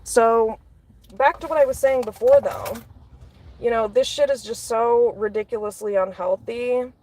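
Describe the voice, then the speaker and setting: A woman's voice: on the high side, fairly even intonation, a little slow, mellow. A woman delivering an angry, profane rant as a solo commentator, blunt and heated. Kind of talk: angry ranting monologue.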